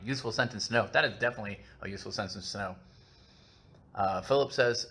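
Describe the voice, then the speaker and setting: A man's voice: medium pitch, fast talker, pushed and bright. A man hosting a casual live-stream book chat, talking on at length in a rambling, self-mocking way with lots of filler.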